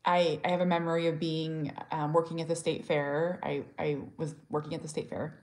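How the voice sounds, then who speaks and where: A woman talks straight to camera in a candid personal vlog, sharing her story as a mother. Her voice sits a little on the low side for a woman. She sounds earnest and heartfelt, doubling back on her words as she goes and speaking plainly and bluntly when she means it. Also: flat delivery, moderate pace, darkish tone. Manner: earnest and heartfelt, with frequent restarts; talks openly and directly, sometimes blunt.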